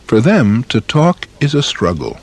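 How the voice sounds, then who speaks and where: A man's voice: mid-range voice, wildly swooping pitch, a little slow, creaky, heavy background noise. A man reading a scripted public service announcement in an earnest, explanatory way.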